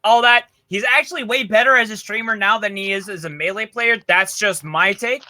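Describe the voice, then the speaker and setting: A man's voice: sits high, brisk, pushed and bright. A man co-hosting a podcast, telling a story in loose, profane, enthusiastic casual chat. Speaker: podcast co-host presenting a segment.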